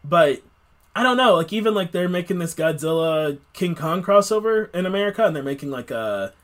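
A man's voice: high-pitched, expressive, a little fast. A man hosting a podcast, chatting casually and rambling with many fillers. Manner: rambling, filler-heavy, laughs often. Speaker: podcast host. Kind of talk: casual chat.

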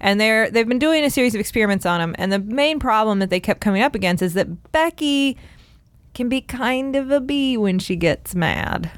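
A woman's voice: fairly high pitch, expressive, normal speed, dry recording. Chatty woman doctor co-hosting a podcast. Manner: chatty, laughing, lots of "like". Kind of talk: casual storytelling chat.

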